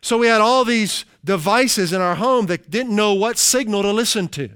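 In this sermon, a middle-aged male pastor speaks with a high, resonant, smooth voice that's a bit bright. He emphasizes key phrases by slowing down and then relaxes into everyday, chatty asides. The audio is close and dry with no room sound.

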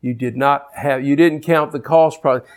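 A man preaching a sermon, swinging between loud declarations and low, intense asides. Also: fairly even intonation, normal speed.

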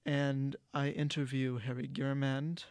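Male podcast host, gravelly tone, rambly delivery with lots of restarts, dry close sound. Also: medium pitch, little pitch movement, measured pace, darkish tone, no echo. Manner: rambling, frequent restarts and self-corrections. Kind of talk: casual solo podcast talk.

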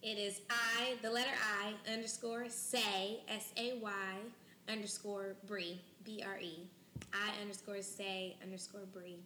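A woman's voice: medium pitch, level tone, measured pace, sharp tone, reverberant, slight background noise. A woman co-hosting a podcast, upbeat and affirming in casual chat. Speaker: podcast co-host.

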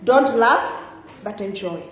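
A woman preaching a sermon in a church, asking rhetorical questions with emphatic rises and soft trailing endings. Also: fairly high pitch, lively intonation, slow pace, a crowd in the background. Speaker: guest preacher. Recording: very echoey church hall.

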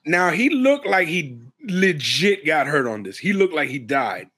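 A man co-hosting a casual wrestling recap, animated and profane, laughing often and slipping into mocking voices. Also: on the high side, measured pace. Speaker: podcast co-host.

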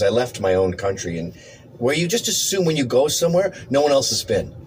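A man's voice: mid-range voice, brisk, slight background noise, low-quality recording. A man hosting a podcast, telling comedic stories in casual chat and acting out the people in them. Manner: animated, acts out voices in anecdotes. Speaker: podcast host.

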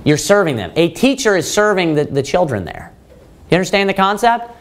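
A man's voice: high voice, big pitch swings, a little fast. A man preaching a sermon as a pastor, asking rhetorical questions and repeating points for emphasis, with many filler phrases. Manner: many fillers of "you know" and restarts.

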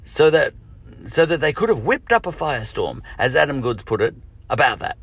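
A man's voice: mid-range voice, big pitch swings, normal speed, fairly bright tone, slightly rough, no echo. An Australian man hosting a podcast, talking in a chatty, digressive solo monologue and often correcting himself mid-thought. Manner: chatty, digressive, self-correcting with frequent "you know" and chuckles. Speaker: podcast host.

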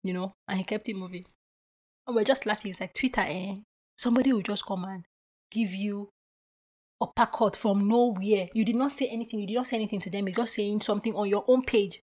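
Woman podcast host, casual solo monologue, reflective and chatty, middle-pitched. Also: fairly quick. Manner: animated storyteller who acts out quoted voices; chatty and reflective with frequent filler words.

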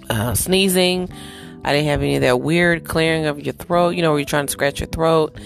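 A woman hosting a podcast in a casual, chatty monologue, with a throat roughened by allergies; she keeps pausing to clear her throat and cough. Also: low voice, faint music behind. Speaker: podcast host.

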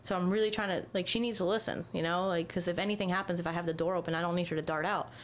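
A woman's voice: on the low side, fairly even intonation, racing, slight background noise. Chatty woman rambling about her dog. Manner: rambling, heavy use of "like", swears casually. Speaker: dog owner in casual conversation. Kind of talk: casual chat.

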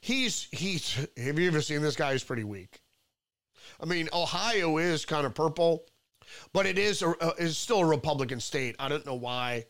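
A man's voice: a little high, lively intonation, moderate pace, fairly bright tone. A man hosting a solo political commentary show, reading headlines and reacting to them with rambling restarts and mocking outbursts.

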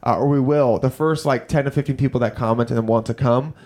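A man's voice: medium pitch, steady tone, fast, a little mellow. A man co-hosting a podcast, talking casually in a rambling way, swearing and laughing often. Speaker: podcast co-host.

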